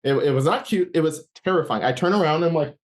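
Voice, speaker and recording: A man's voice: on the high side, fast. Man telling his faith story. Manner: rambling storytelling with restarts, acting out his own thoughts. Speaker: interview guest. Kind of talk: personal faith testimony.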